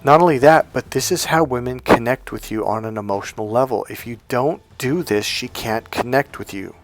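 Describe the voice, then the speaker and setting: A man's voice: medium pitch, normal speed, soft background music. A man giving a casual dating-advice monologue to camera, emphatic and repetitive, acting out little example lines. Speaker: dating coach.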